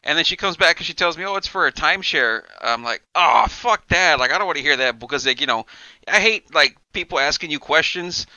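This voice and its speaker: A man's voice: a little high, fast talker, no room sound, lo-fi sound. A man co-hosting a podcast, telling a long, profane story in casual chat and acting out the lines of the people in it. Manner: animated, profane, acts out quoted dialogue. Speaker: podcast co-host.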